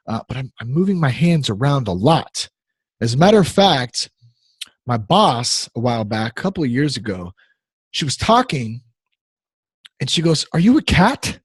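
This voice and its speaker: A man's voice: mid-range voice, very animated, normal speed, pauses often, breathy edge, no echo. A man in his thirties hosting a podcast, talking casually in a rambling, easily distracted, playful way. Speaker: podcast host.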